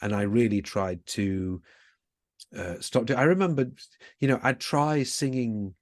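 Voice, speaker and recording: A British man, a singer guest, talking in a relaxed interview and telling stories with lively ups and downs. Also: no echo, studio quality. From Britain. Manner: chatty, animated storyteller with quick bursts of pitch. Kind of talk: casual interview chat.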